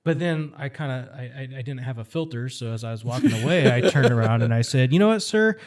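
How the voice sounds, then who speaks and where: A man's voice: medium pitch, quick pace. Blunt, storytelling podcast guest man. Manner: animated storyteller, blunt and rallying. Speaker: guest, firearms instructor. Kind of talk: casual podcast conversation.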